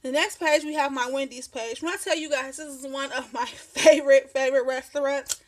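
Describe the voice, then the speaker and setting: High-voiced chatty woman vlogger. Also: fairly even intonation. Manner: chatty, rambling, quick to laugh. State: slightly out of breath. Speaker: craft vlogger. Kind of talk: casual show-and-tell chat. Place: home craft desk.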